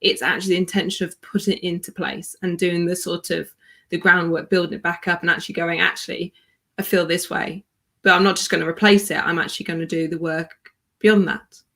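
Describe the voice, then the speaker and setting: A woman's voice: on the low side, flat delivery, fairly quick, vocal fry, a bit bright. Eager woman interview host. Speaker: podcast host. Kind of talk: casual interview chat.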